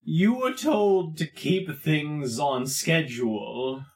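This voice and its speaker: A man voicing a cruel, pompous male crime boss who speaks in a slow, weary, menacing drawl. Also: on the high side, a little mellow, roomy sound.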